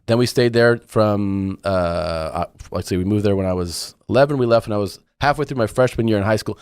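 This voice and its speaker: A man's voice: on the low side, brisk, darkish tone, clean tone, no echo, clean studio sound. A middle-aged man telling stories in casual podcast chat, laid-back and swearing freely. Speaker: podcast guest and comedian.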